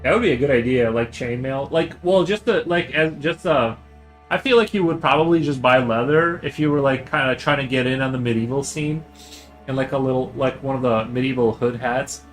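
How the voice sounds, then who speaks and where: A man's voice: mid-range voice, a little fast, soft background music, low-quality recording. A young man streaming his drawing, chatting casually and rambling with many fillers and restarts. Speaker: artist streamer.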